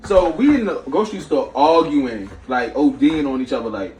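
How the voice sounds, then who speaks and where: A man's voice: mid-range voice, animated, moderate pace, few pauses, distant mic. A man hosting a casual cooking vlog in a small home kitchen, chatty and slangy, cutting between the recipe and side stories. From New York. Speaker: cooking show host. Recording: echoey room, away from the mic, faint noise.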